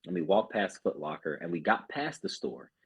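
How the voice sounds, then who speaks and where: A man's voice: deep voice, big pitch swings, normal speed, vocal fry, breathy edge. A man who is a group fitness instructor, talking earnestly as a podcast guest and often restarting his sentences. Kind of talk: casual podcast chat.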